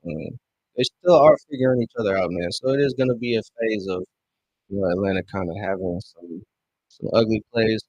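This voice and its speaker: A young man streaming a basketball watch-along, chatting casually in slang and breaking into loud yelling over referee calls. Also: on the low side, fairly quick, dry recording, dull audio. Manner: excitable fan commentary, bursts into loud yelling at calls; casual slang, calls listeners bro and dog. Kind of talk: live game watch-along commentary.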